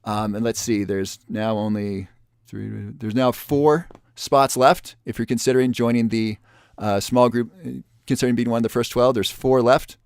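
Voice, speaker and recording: A man presenting a webinar and making an upbeat sales pitch, repeating the offer with urgency. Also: fairly even intonation, moderate pace, darkish tone, clear, resonant tone, no room sound, clean studio sound.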